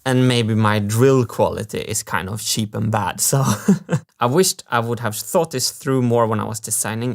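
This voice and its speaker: A man narrating a workshop vlog, enthusiastic and quick to laugh. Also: medium pitch. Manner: excitable, laughs often, enthusiastic. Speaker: maker and engineering video creator.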